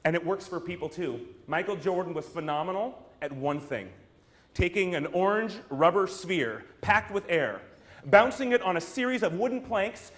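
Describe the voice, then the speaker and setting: A high-pitched American man delivers a punchy keynote talk to a room full of people. He throws rhetorical questions at the crowd and swings into theatrical asides, keeping his voice lifted and expressive throughout. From United States. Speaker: brand strategist, speaker. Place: room with an audience.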